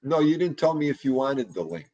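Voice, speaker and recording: Male livestream host, mid-pitched, rambling, crude and jokey. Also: very animated, a little fast, warm tone, lo-fi sound. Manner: rambling, profane, joking banter. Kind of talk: casual livestream chat.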